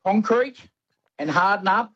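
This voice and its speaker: A man calling a talkback radio show, joking deadpan and halting over his words. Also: high-pitched, husky. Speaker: caller. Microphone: phone. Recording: dull phone line.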